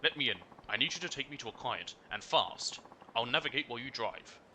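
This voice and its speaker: Guy reading out a pushy lady passenger from a game, bossy and rushed, bright lively voice. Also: medium pitch, a little hiss or hum, pitched above the performer's own voice. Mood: impatient. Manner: impatient, commanding. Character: hurried woman taxi passenger, bossy.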